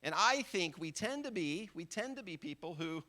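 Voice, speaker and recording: A man's voice: high voice, lively intonation, normal speed, few pauses, bright, forceful tone. A man preaching a sermon as a visiting pastor, talking in a conversational way and acting out the thoughts of everyday people. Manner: conversational preaching, acts out everyday inner voices.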